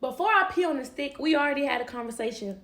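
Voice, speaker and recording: A woman's voice: high voice, animated, fast talker, a bit bright. A young woman telling a personal story in a casual, candid way, swearing and laughing easily.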